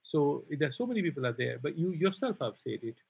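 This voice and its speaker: A man's voice: a little high, sing-song, quick pace, gravelly, breathy edge, dull audio. A man with an Indian English accent teaching a scripture class, reciting Sanskrit verses and explaining them in English in a discursive way. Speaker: Vedanta philosophy teacher.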